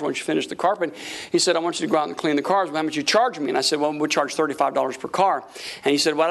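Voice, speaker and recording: A man preaching a sermon, telling a story with lively acted-out quotes and frequent laughter. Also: fairly high pitch, creaky. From Florida. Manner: animated, acts out quotes, laughs often. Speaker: pastor.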